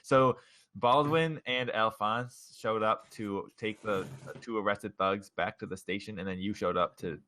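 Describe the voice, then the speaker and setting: Young male game master, low bright voice, laughs a lot. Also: steady tone, unhurried, a little hiss or hum. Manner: laughs often, loose and chatty. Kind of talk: running a tabletop game over voice chat.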